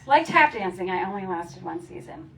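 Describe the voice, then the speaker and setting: A woman's voice: mid-range voice, sing-song, moderate pace, fairly bright tone. A woman reading from her own memoir at a community celebration, playful and often laughing as she acts out the funny parts. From Philadelphia area. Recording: distant mic with faint ambient noise.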